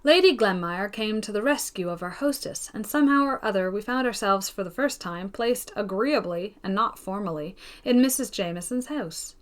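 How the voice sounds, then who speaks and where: A woman reading a classic novel aloud in an even, gentle storytelling manner. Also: medium pitch, normal speed, hardly any pauses. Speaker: narrator of an audiobook. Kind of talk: scripted audiobook narration.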